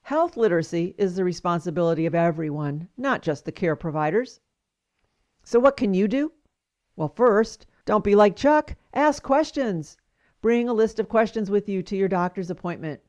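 A woman's voice: medium pitch, animated, moderate pace, darkish tone. A woman hosting a podcast, giving scripted commentary with wry, emphatic storytelling. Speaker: podcast host.

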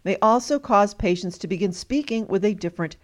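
A woman's voice: medium pitch, animated, fairly quick. A woman hosting a trivia game, cheerfully reading out facts to her guests. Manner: cheerful, reads facts aloud, laughs often. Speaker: host. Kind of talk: hosted trivia game show.

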